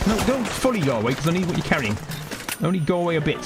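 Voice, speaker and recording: Racing along in a very animated, fairly high voice, a man chats casually while streaming a game over a very noisy background. He rambles, swears without restraint, laughs frequently, and lets out yelps as things heat up.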